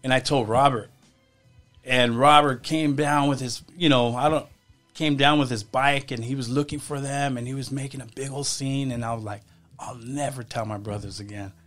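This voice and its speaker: A man as a podcast guest, telling stories from his past in a casual, halting way, often restarting his sentences. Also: medium pitch, steady tone, a bit bright, faint music behind. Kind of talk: casual storytelling.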